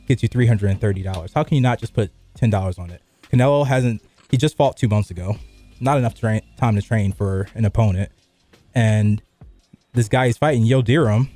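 A man's voice: fairly low pitch, dark tone. A middle-aged man hosting a sports radio show, chatting loosely with lots of fillers. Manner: loose and rambling, many fillers. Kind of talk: casual sports radio chat. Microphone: studio microphone.

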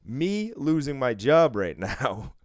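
A casino supervisor in his thirties tells a work story in relaxed chat, cursing often and acting out the voices of the people he quotes. His voice is smooth, clear and medium-pitched, and he speaks slowly. The recording is dry, with no room echo.

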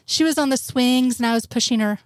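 Woman, fan fiction narration, slightly high voice, steady soft reading, dry close sound. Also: fairly quick, no echo. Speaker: audiobook narrator.

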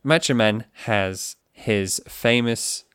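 A man co-hosting a podcast, bantering casually, animated and swearing freely. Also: on the low side, takes it slowly, clear, resonant tone, dry recording. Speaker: podcast co-host.

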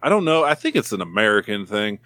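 A man's voice: on the low side, sing-song, fast talker, pushed and bright, no room sound. A man guesting on a podcast in casual chat, blunt and profane, rambling through anecdotes. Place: California.

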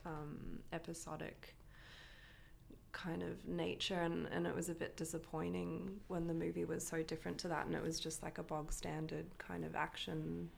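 A woman appearing as a podcast guest, talking in a thoughtful, measured way in casual chat. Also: on the low side, little pitch movement, vocal fry, a little hiss or hum.

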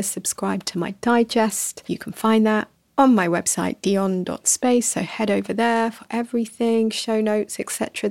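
A woman hosting a reflective podcast, speaking softly and slowly, dropping to a whisper at times and laughing at herself. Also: medium pitch, creaky, no echo. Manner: soft and slow, sometimes whispering, laughs at herself. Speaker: podcast host. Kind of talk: gentle reflective podcast talk.

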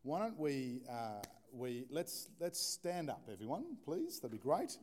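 A man preaching a relaxed, conversational sermon in church, joking with the congregation. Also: medium pitch, a little slow, a little hiss or hum. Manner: informal, chatty, joking with the congregation. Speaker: pastor.

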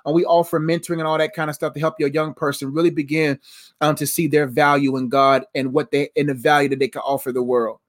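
Man, thirties, christian coach, live-stream q&a, earnest, preachy, repetitive, slightly high voice. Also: flat delivery, fast.

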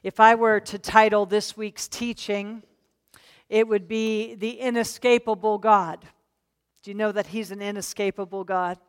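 A woman's voice: mid-range voice, level tone, a little slow, smooth. A woman leading a church Bible teaching, talking in a conversational way and inviting the congregation to read aloud. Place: church meeting.

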